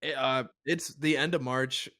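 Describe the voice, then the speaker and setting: A podcast host from the Chicago area chats casually, spinning rambling stories laced with wry swearing. His mid-range voice holds a steady tone, pushed and bright, and he speaks a little slowly.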